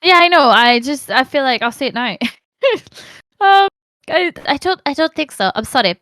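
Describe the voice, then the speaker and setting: A Scottish woman, a podcast guest, telling stories in an animated way, laughing and swearing freely. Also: sits high, moderate pace, no room sound, clean studio sound. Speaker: podcast guest, actor and streamer. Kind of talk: casual chat.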